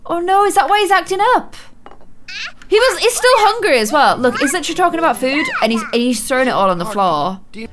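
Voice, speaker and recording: A young woman talks through a game for her audience, gushing and gasping often. Her voice sits high and swings widely in pitch. A faint hiss runs underneath. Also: very animated, fast. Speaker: gaming channel host. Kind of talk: let's play commentary.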